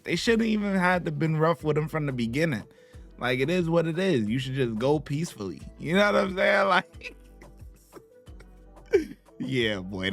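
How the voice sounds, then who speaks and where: A man's voice: high voice, gravelly. A man hosting a reaction video, giving casual, slangy commentary and often laughing while he tells what happened. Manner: laughing, slangy, animated storytelling.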